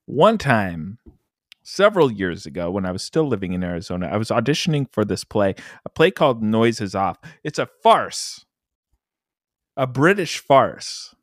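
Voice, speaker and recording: A man's voice: fairly low pitch, very animated, moderate pace, no room sound, clean studio sound. A man co-hosting a casual gaming podcast, telling funny stories in a jokey, self-mocking way. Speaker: podcast co-host. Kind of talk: casual podcast chat and storytelling.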